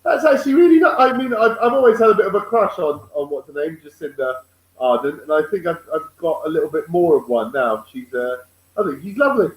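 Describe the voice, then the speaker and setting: A man's voice: a little high, very animated, a little fast, echoey room, low-quality recording. A man co-hosting a comedy video chat, joking and rambling in a casual way. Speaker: comedian co-host. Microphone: video call.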